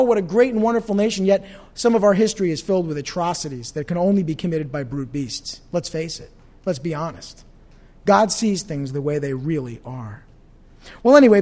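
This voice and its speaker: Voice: mid-range voice, expressive, brisk, darkish tone. A pastor teaching an evening Bible study in a conversational way, often asking the audience questions.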